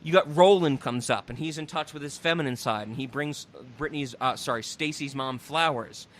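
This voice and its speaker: A man hosting a podcast in casual, animated chat, swearing freely, laughing and recapping scenes with gusto. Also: medium pitch, fairly quick, a little hiss or hum. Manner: animated, profane, laughing, storytelling. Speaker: podcast host.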